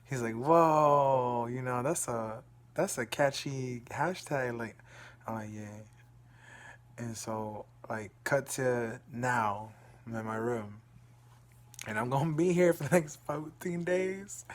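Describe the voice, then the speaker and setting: A young man from Dallas, Texas, venting in a profane, agitated video diary from his room. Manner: agitated, profane venting that trails into a low murmur. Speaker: vlogger. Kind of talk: emotional video diary rant.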